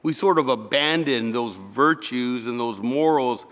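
A man's voice: medium pitch, a little slow, fairly bright tone. A male pastor giving a conversational sermon, acting out little dialogues. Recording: reverberant hall.

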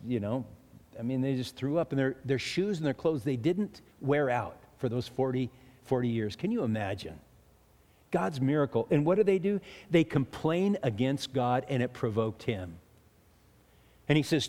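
A man's voice: on the high side, big pitch swings, normal speed, darkish tone. A man preaching a sermon in a chatty way, often restarting and chuckling between points. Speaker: pastor. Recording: long hall reverb.

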